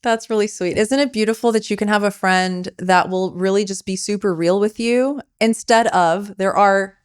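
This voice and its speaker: A woman's voice: mid-range voice, fairly even intonation, moderate pace, clean tone, no echo. Chatty woman podcast host, dry close sound. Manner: chatty, encouraging, talks to the audience. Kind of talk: conversational interview.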